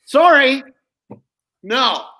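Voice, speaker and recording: A man, a ventriloquist guest, telling show-business stories in an animated, chatty way. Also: extremely high pitch, drawn-out words. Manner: animated storyteller, chuckling at old jokes. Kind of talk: casual interview chat.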